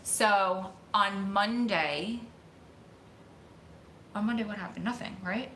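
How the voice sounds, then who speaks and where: A woman vlogger telling a story to her viewers in an excited, emotional, rushing way. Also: mid-range voice, slight background noise. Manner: excited, emotional, talks fast in bursts. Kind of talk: casual storytelling to camera. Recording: echoey room.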